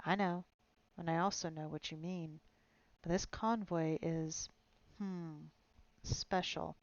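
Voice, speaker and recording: A woman doing a gruff boastful dwarf. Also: sits low, steady tone, slow pace, no echo, dull audio. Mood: blunt. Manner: blunt, matter-of-fact.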